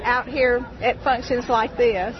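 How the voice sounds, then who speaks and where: A friendly woman with a Mississippi drawl speaks in a high, bright voice. She is recorded outdoors amid a bustling crowd, and the sound is dull and muffled. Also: steady tone, takes it slowly, a little hiss or hum. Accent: Mississippi Southern. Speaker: restaurant owner's wife, interviewee. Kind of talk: casual interview at a food festival.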